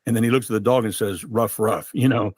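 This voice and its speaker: A man hosting an interview podcast, speaking in a slow, reflective and encouraging way. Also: mid-range voice, fairly even intonation, darkish tone, breathy edge, no echo. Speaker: podcast host. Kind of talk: casual interview chat.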